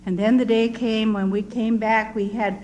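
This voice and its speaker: A woman's voice: a little high, fairly even intonation, normal speed, darkish tone, a little hiss or hum, poor audio. An older woman, a missionary, telling her story in an earnest, vivid way. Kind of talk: storytelling testimony.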